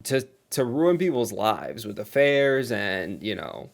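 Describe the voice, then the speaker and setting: A man's voice: on the low side, sing-song, slow, vocal fry. A man doing casual commentary on online drama, sarcastic and gossipy, with chuckles.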